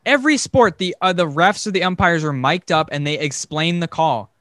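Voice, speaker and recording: A man co-hosting a sports podcast, ranting emphatically in a slightly higher voice. He is recorded in a dry, dead-sounding room with no echo. His delivery is forceful and opinionated. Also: moderate pace. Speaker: podcast co-host. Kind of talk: casual sports podcast chat.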